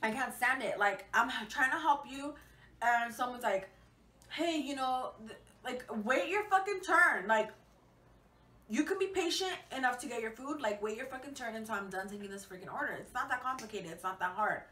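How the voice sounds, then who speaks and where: Young woman, casual storytime vlog, chatty, swears a lot, bright voice, echoey room, distant mic. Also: on the high side, fairly quick. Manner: chatty, swears freely, lots of fillers. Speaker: vlogger.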